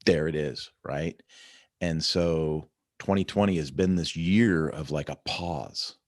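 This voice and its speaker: Deep-voiced chatty man, dry close sound. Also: slow pace, no echo. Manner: chatty, rambling, upbeat with repeated "right?" and "you know". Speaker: vlog host. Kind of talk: casual morning check-in monologue.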